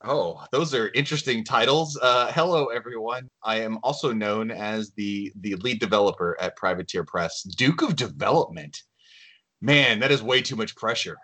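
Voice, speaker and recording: A man who works as a lead game developer, chatting as a podcast guest in an easygoing, self-deprecating way as he thinks out loud. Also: on the low side, normal speed. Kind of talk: casual podcast chat.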